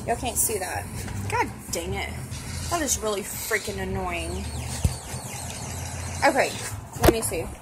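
A woman's voice: mid-range voice, animated, measured pace, long pauses. A woman from Texas with a Texan accent, chatting frankly as she films a mukbang vlog on her phone. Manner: chatty and frank, with mild cursing. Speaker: mukbang vlogger. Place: outdoors at a cafe table, windy. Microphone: phone camera. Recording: noisy outdoor phone recording.

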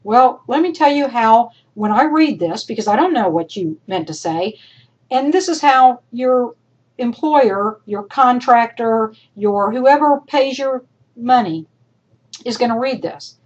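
A woman college instructor recording feedback for her class, emphatic and encouraging, talking straight to her students, her voice worn and going hoarse. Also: on the high side, expressive, a little slow, muffled recording.

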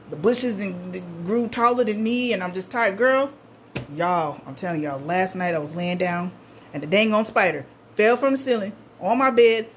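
Older woman, homey haul vlogger, chatty, talks straight to viewers, faint room hiss. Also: mid-range voice. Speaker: vlogger showing a shopping haul. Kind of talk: casual chat to camera. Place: at home in her apartment.

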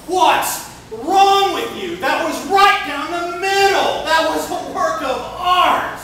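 Man doing a hothead rookie pitcher: yelling, high-pitched insults; noisy distant room mic. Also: animated, slow, heavy reverb, heavily acted. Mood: furious. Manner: shouting, ranting insults. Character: hotheaded young male rookie pitcher, raging.

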